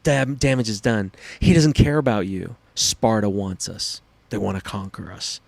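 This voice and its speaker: A man's voice: on the low side, moderate pace, gravelly, a little mellow, no echo, voice pushed down. A man doing a blunt warrior prince. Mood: grim. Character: blunt grown male warrior prince, sensible.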